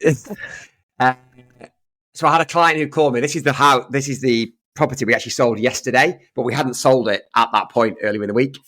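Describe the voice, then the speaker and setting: A man's voice: medium pitch, brisk, a bit bright, dry recording. Storytelling man, casual podcast chat. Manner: storytelling, acting out both sides of conversations. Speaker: estate agent, podcast co-host.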